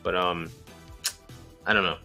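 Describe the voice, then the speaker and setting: A man's voice: sits low, steady tone, a little slow, gravelly, sharp tone, faint music behind. A tired man hosting a casual chat, rambling with many fillers. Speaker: channel host.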